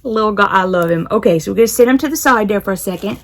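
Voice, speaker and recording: A woman's voice: mid-range voice, rapid-fire. A woman chatting casually while unboxing, giggling often and talking to her cat. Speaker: unboxing vlogger.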